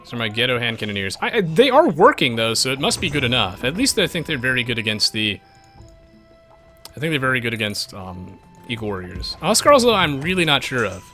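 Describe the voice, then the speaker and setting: A man's voice: medium pitch, very animated, brisk, sharp tone, soft background music. A man live-streaming a strategy game, chatting with viewers in a self-mocking, rambling way with lots of restarts.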